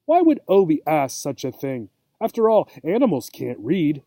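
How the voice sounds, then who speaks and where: A man reading a children's story aloud for English learners, expressive and asking the listener questions. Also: a little high, moderate pace, few pauses, dry recording. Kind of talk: storybook narration.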